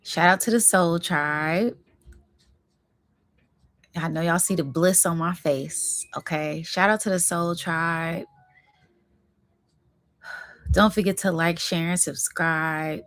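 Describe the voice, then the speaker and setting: A woman hosting a spiritual reading vlog, talking in a slow, effusive and emotional way, close to tears of joy and calling her viewers y'all. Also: fairly low pitch, fairly even intonation, a bit bright, no room sound. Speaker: spiritual reading channel host.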